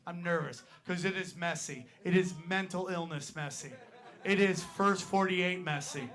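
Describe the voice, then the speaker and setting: A stand-up comedian with a high, slightly bright voice performs a crude, rambling set at normal speed on a club stage, tossing "right?" asides into his story. The live club recording captures crowd noise, with the audience laughing and clapping.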